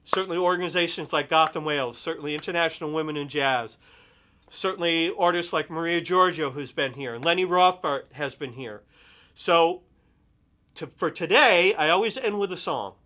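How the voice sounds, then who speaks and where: A man's voice: fairly high pitch, moderate pace, bright, forceful tone. A middle-aged man hosting a show, chatting enthusiastically as he introduces a dedication and thanks friends and sponsors. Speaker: host and vocalist. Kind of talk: casual show talk with a sung dedication.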